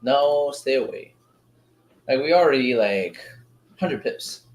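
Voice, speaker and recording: A man runs a live forex trading stream in a loose, slangy chat with his viewers. He gets excited as prices move, and his voice sits at a middle pitch. The room around him sounds roomy and echoey. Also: slow pace. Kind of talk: casual live trading commentary. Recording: roomy echo.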